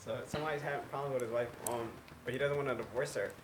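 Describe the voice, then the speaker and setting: A man in the audience asking quick, hesitant questions. He speaks from far away from the mic. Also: mid-range voice, steady tone. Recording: distant, noisy room.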